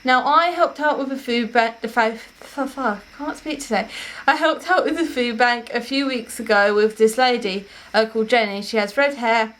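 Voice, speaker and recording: A woman's voice: fairly high pitch, normal speed, a bit bright. A young woman, casually telling stories to camera at home in a rambling, self-correcting way. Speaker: vlogger.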